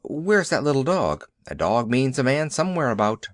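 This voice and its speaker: A man's voice: medium pitch, sing-song, normal speed, no echo, clean studio sound, natural voice. A man doing a dignified cavalry horse. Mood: brisk. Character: proud, steady male cavalry horse.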